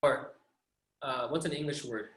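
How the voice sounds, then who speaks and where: A man's voice: mid-range voice, normal speed, fairly bright tone, reverberant. A man teaching pronunciation over a video call, patiently demonstrating sounds again and again. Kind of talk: online pronunciation class.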